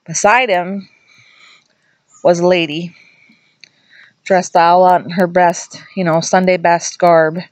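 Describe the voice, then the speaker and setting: A middle-aged woman tells a ghost story in a loose, chatty way, wandering into asides and restarting her sentences. Her voice sits fairly low for a woman. The sound is dry and close, with little room around it. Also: flat delivery, slow, long pauses, no echo. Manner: acts out quoted voices in a higher pitch. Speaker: vlogger telling a ghost story. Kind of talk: casual storytelling to camera.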